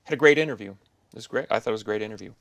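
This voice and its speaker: Gravelly low-voiced male podcast host. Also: rapid-fire, fairly bright tone. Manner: thoughtful, rambling, musing. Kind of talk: casual interview chat.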